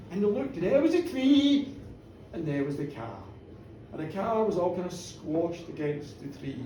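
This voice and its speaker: A woman's voice: on the low side, normal speed, slight background noise. Playful woman telling a pub ghost story. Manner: animated, playful, asides to the audience. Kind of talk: live comic horror storytelling. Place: pub with live audience. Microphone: room recording from a distance. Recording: echoey pub, heard from far off.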